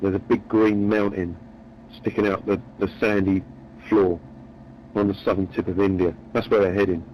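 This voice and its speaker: A man's voice: low-pitched, flat delivery, normal speed, lo-fi sound, slight background noise. A man telling a long, rambling joke in a chatty, meandering way. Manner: meandering, chatty, repeats words. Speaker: storyteller.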